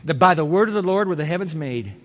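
High-voiced preacher in a reverberant hall. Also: male voice, expressive, quick pace. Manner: emphatic, repeats key phrases, swings from quiet to loud. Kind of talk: sermon.

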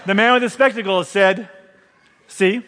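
Fervent preacher in a reverberant church. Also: male voice, on the high side, moderate pace, fairly bright tone. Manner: fervent, calls out to the congregation. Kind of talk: revival sermon. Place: large church. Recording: long reverb of a large church.

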